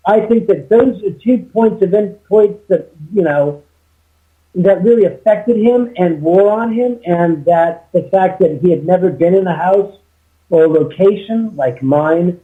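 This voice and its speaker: A man's voice: high voice, unhurried. A man as an interview guest, telling a long story with many restarts and quoted dialogue. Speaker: guest, homeowner. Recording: tinny phone line.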